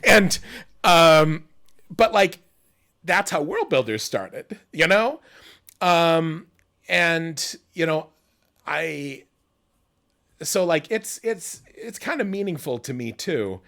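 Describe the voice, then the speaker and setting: Rambling, animated man hosting a stream. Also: on the high side, slow pace, vocal fry. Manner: rambling, many fillers and restarts, animated storytelling. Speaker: host. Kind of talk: casual livestream interview.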